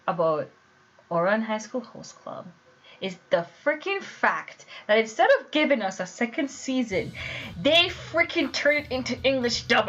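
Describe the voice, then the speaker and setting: A young woman streamer in casual chat, animated and swearing as she rants. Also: fairly high pitch, unhurried, highs cut off.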